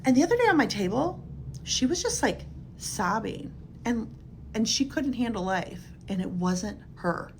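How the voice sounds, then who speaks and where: A woman's voice: a little high, sing-song, unhurried, a little hiss or hum. A middle-aged woman, a physical therapist, talking casually and earnestly to camera in a chatty, emphatic way.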